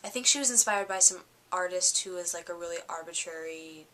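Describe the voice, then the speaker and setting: Chatty, bright-voiced tired young woman. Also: on the low side, fairly quick, a little hiss or hum. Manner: chatty and excitable, lots of fillers. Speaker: fashion vlogger. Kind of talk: casual vlog recap.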